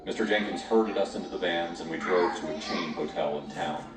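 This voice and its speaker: A man's voice: deep voice, a little fast. A man narrating a scripted horror story, dramatic and lingering on grim details. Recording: echoey, distant, with music behind.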